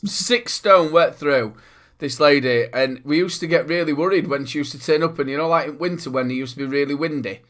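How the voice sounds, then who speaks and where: A man's voice: a little high, fairly quick, fairly bright tone. A man with a Northern English accent, co-hosting a casual podcast chat and telling stories with laughter and swearing. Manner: laughing storyteller, swears freely. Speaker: podcast co-host.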